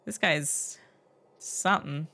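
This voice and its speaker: A woman's voice: low voice, slow pace, creaky. Woman streamer chatting over game. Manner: chatty, reacts aloud, sometimes quiet asides. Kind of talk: casual game commentary.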